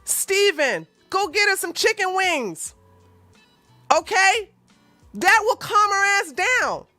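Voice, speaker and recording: A woman with a high, bright voice delivers mocking reaction commentary. She swings widely in pitch and speaks at an unhurried pace, with a sarcastic, profane edge. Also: big pitch swings, dry recording, faint music behind. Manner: sarcastic and profane, with loud laughs and sudden shouts.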